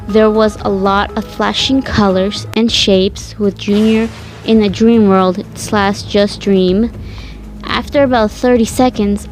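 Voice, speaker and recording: Woman, creepypasta narration, middle pitch, plain reading, slips and restarts, faint music. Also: darkish tone.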